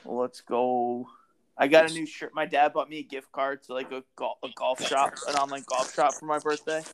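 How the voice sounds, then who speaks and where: A man's voice: mid-range voice, fairly even intonation, normal speed, background noise. A young man co-hosting a casual podcast, giggling and joking often. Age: young adult. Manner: giggly, laughs a lot. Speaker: podcast co-host.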